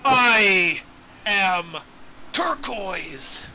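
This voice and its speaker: A man voicing an ancient male dragon who talks like a slow-drawling pirate. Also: high voice, animated, noisy background, pitched below the performer's own voice, exaggerated voice. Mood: grand.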